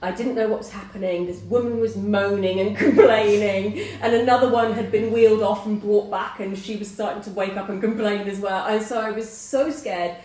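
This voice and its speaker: A woman's voice: mid-range voice, normal speed, few pauses, slight background noise. Middle-aged woman telling a story, roomy sound. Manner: animated storyteller who acts out quoted voices. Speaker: host. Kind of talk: casual chat, personal storytelling. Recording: roomy, distant mic.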